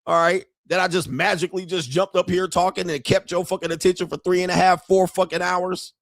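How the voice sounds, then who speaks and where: Middle-aged guy going off on a profane boastful rant, pretty high voice, dry close sound. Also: fairly even intonation, brisk, creaky, dry recording. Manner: brash, profane and boastful, laughs at his own jokes. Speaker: online show host. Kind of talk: ranting commentary.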